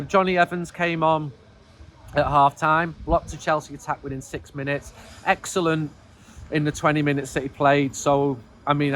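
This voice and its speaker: A middle-aged man with a fairly high voice delivers his football verdicts while standing outdoors on a cold, wet night. He rambles and sounds frustrated and self-deprecating, in a casual spoken commentary. A faint hiss of background noise sits under his voice. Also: a bit bright. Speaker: football fanzine editor giving player ratings.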